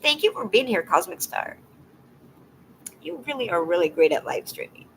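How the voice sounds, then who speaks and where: A woman live streaming and chatting casually with her viewers, teary and emotional, talking in a halting, soft way that often trails off into a whisper. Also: mid-range voice, very animated, slight background noise, low-quality recording.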